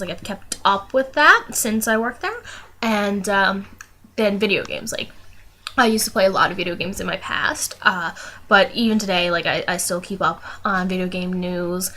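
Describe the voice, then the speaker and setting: A woman's voice: mid-range voice, bright, forceful tone, slight background noise. A young woman vlogging casually, telling a rambling story full of fillers and restarts. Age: young adult.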